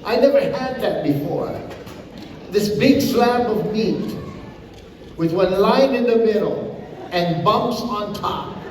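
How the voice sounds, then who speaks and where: A man's voice: high-pitched, takes it slowly, long pauses, slight background noise. An older man from Hawaii with a Hawaiian accent, a comedian chatting and telling stories to a live audience. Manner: animated, chatty storyteller. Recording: echoey hall from far off.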